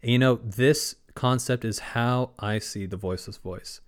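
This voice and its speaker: A man hosting a spiritual podcast, talking in a calm, gently instructive way. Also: medium pitch, measured pace. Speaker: podcast host.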